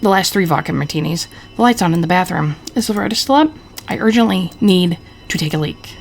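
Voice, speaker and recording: A woman voicing a crude, drunken, scheming husband from the 1940s, talking gruffly and cursing. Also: lowish voice, expressive, brisk, a little hiss or hum. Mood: grumbling. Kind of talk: reading game dialogue aloud.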